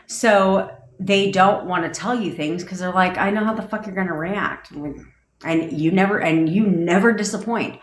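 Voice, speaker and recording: Here a mid-range female voice, with slight background noise, belongs to a manifestation coach who's fired-up and swearing freely as she bluntly answers comments on her livestream. The rant comes from her home desk in an echoey, roomy-sounding space.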